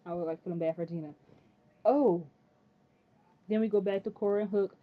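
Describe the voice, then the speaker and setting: A woman giving an excitable, casual recap of a TV episode. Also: mid-range voice, very fast. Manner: chatty, excitable, says "freaking" often. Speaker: TV episode reviewer. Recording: tinny phone-like audio.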